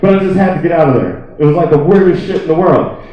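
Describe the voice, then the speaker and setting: A man's voice: fairly high pitch, fast talker. A man doing a stand-up comedy set, telling a rambling, profane story packed with "like.". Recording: echoey, distant, dull lo-fi room recording.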